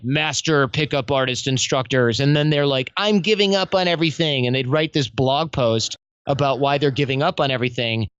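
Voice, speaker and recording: A man talking as a guest in a casual podcast interview, telling stories in a lively, slangy way. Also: fairly high pitch, clean tone, no room sound, lo-fi sound. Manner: animated, slangy storytelling. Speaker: podcast guest, self-development coach.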